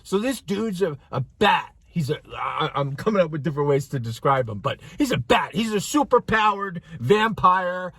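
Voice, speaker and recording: High-voiced, animated male movie reviewer. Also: moderate pace, gravelly, hardly any pauses, husky, no room sound. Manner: animated, profane, acts out characters mid-story. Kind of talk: casual rant-style review chat.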